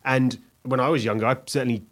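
A man in casual podcast chat, musing aloud in an animated way and swearing freely. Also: mid-range voice, quick pace.

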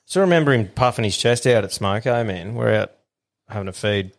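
A man's voice: on the low side, expressive, fairly quick. A male podcast host with an Australian accent, telling stories in a blokey, sweary, casual chat.

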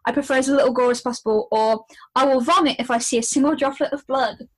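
A woman's voice: sits high, steady tone, quick pace, rough recording. A young woman co-hosting a casual podcast, giggly and blunt, reading quiz questions and swearing freely. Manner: reads quiz questions aloud. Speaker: podcast co-host. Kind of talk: casual chat.

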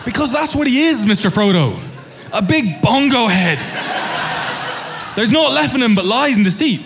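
A man's voice: extremely high pitch, lively intonation, moderate pace, creaky, a crowd in the background, background noise, full character voice. A man playing Sam, a loyal and blunt young hobbit, in a comedic parody. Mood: mocking.

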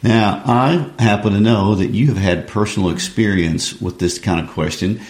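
Deep-voiced man in a roomy echo. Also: moderate pace, a little mellow. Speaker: co-host. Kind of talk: casual literary discussion.

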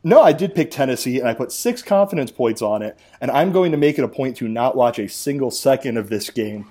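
A man's voice: medium pitch, darkish tone. A man hosting a casual sports podcast, wry and chatty as he rattles through scores and results. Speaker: podcast host.

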